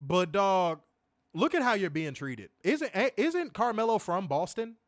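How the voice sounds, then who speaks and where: A man casually reviewing a wrestling show on a livestream, animated and profane, full of slang, reading viewer chat aloud. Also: high voice, unhurried, no echo, studio quality, soft background music.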